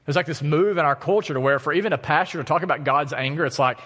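Man, pastor in his thirties, conversational sermon, fairly high voice, long church reverb. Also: quick pace, few pauses, a bit bright. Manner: conversational, storytelling with self-deprecating humor. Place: church sanctuary.

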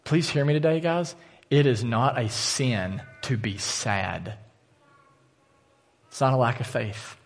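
Male pastor preaching an earnest sermon; average pitch, reverberant auditorium sound. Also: takes it slowly, gravelly, pauses often, faint music behind. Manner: earnest, direct appeals to the congregation. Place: church auditorium. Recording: long church hall reverb.

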